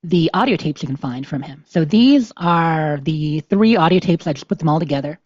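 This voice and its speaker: A woman's voice: deep voice, expressive, moderate pace, darkish tone, husky, dry recording. A woman hosting a podcast in casual, rambling chat with many fillers, at times reading game notes aloud. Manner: rambling, lots of "you know" fillers. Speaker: podcast host. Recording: slightly dull, dry lo-fi sound.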